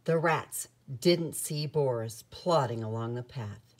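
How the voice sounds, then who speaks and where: A woman reading a children's picture book aloud with an expressive storytelling manner. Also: extremely low pitch, slow pace.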